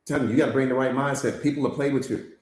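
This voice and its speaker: In an echoey room, a man with a mid-range, slightly mellow voice races through a live-streamed motivational master class, his tone staying steady. He coaches on mindset emphatically and repetitively, using slang and firing off rhetorical questions.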